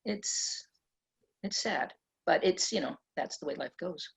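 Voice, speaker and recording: A middle-aged woman author being interviewed at a press club event, telling stories in an animated way and laughing often. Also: fairly low pitch, a little slow, creaky, husky. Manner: animated, laughs often, acts out quoted voices. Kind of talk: conversational storytelling. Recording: dull lo-fi event recording.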